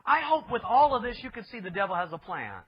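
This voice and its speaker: A man's voice: high-pitched, sing-song, quick pace, slightly rough. A male pastor preaching a sermon with emphatic delivery, asking rhetorical questions of his listeners. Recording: dull lo-fi recording.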